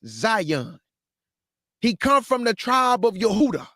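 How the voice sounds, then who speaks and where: A man's voice: high-pitched, sing-song, slow pace, bright, forceful tone, dry recording, clean studio sound. A man who hosts a show and teaches scripture informally, with slangy talk and many rhetorical questions. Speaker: host and Bible teacher.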